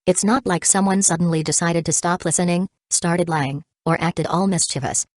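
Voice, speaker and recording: A woman voicing a vindictive young man who talks with mock gentleness and sarcasm. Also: lowish voice, fairly even intonation, moderate pace, no echo, studio quality, natural voice. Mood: sarcastic.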